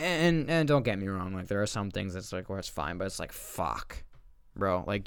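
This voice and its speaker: A young man in his twenties with a low, gravelly voice rambles through a casual solo rant, swearing constantly. His tone is smooth and resonant under the fry, and the recording is close and dry with no room around it. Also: no room sound. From northeastern United States. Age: 20s. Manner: profane, rambling, with heavy swearing. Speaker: podcast host.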